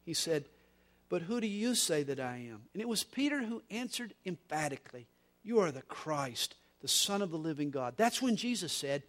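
A man preaching a sermon as pastor, moving between soft, low stretches and loud, emphatic ones, with occasional repeated words. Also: big pitch swings, normal speed. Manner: preaching with wide swings in loudness, from soft to emphatic.

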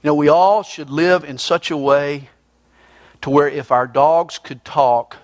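A man preaching a folksy sermon, reading scripture and then putting it in plain everyday terms. His voice sits fairly high for a man, and he explains things in a down-to-earth way. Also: steady tone, unhurried, no room sound.

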